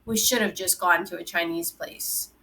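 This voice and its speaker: A woman's voice: fairly low pitch, fairly even intonation, normal speed, creaky, pushed and bright, slight background noise, rough recording. A woman reading aloud, voicing a grumpy old man stuck in a teenage boy's body, blunt and sardonic. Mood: scoffing.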